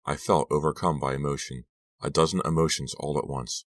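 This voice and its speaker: Man reading an audiobook, super deep voice, steady and measured, dry close sound. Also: no echo. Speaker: audiobook narrator. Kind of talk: scripted narration.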